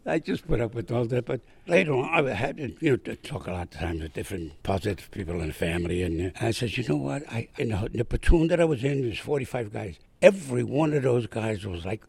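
Casting: older male veteran from Puerto Rico, husky gravelly voice, lively storyteller. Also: medium pitch, brisk, hardly any pauses, no echo. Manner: animated, chuckling, acts out others' lines. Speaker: war veteran guest. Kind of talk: casual storytelling.

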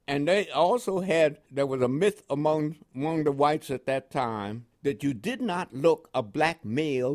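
An older man with a New York accent tinged with West Indian inflections, telling his life story in an oral history interview, animated and often chuckling. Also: mid-range voice. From Panama.

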